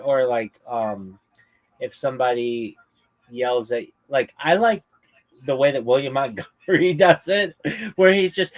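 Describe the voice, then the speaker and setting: A man's voice: mid-range voice, a little slow. A man hosting a livestream, chatting casually about stand-up comedy, rambling with many fillers and acting out crude comebacks. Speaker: livestream host.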